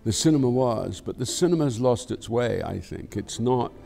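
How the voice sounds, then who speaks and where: A man's voice: mid-range voice, expressive, moderate pace, gravelly, mellow. An older man with a Scottish accent, talking frankly in an interview, reflective and rambling, swearing freely. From Scotland. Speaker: actor being interviewed. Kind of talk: candid conversational interview.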